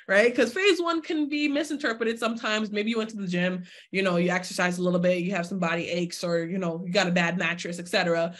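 Speaking fast in a mid-range voice, this twenty-something woman presents a live online workshop talk as a summit speaker. She talks straight to the audience, invites chat responses, and voices her inner thoughts as quoted asides.

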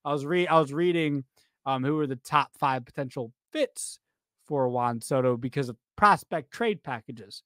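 A man co-hosting a baseball podcast in a casual, animated chat, rambling and often repeating himself. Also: mid-range voice, moderate pace, dry recording, studio quality. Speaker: podcast co-host.

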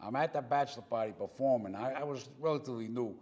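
Older man, comedian guest, rapid talker, exaggerated anecdotes, long echo. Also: mid-range voice, a little mellow. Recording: long reverb.

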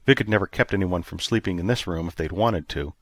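A man narrating an audiobook in a steady, even storytelling manner. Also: deep voice, quick pace, dry recording. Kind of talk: scripted narration.

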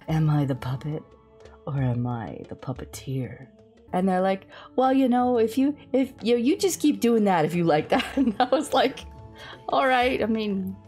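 Young woman streamer chatting, low voice, giggly and animated, faint music behind. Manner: laughs often, animated and bubbly, restarts. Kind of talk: casual storytelling chat.

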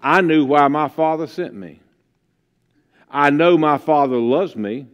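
A male preacher voicing God as a calm, gentle figure who speaks softly and slowly. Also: fairly high pitch, clear, resonant tone, in a large hall, close to an everyday voice. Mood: hushed tender. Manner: hushed, tender, slow. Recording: dull lo-fi livestream sound.

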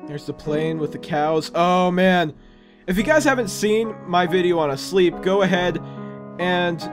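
A man hosting a let's play, commentating excitedly with loud exclamations and jokes. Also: high voice. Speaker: gaming channel host.

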